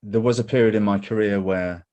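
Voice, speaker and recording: A man's voice: lowish voice, fairly quick, dull audio. A middle-aged English man, an actor being interviewed, telling candid anecdotes and acting out what others said. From England. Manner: candid, anecdotal, animated when quoting others. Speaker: actor guest. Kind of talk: interview conversation.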